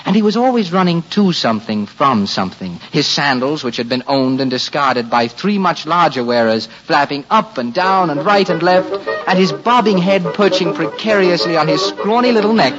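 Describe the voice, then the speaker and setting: A man narrating a storybook tale with expressive, swinging delivery. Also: on the high side, normal speed, highs cut off, faint music behind.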